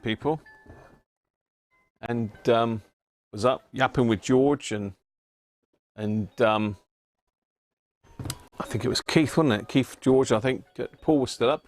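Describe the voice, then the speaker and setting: A man's voice: medium pitch, slow pace, long pauses, darkish tone. A man hosting a casual livestream, chatting, laughing often and greeting viewers by name. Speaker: livestream host. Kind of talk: casual live chat reading viewer messages.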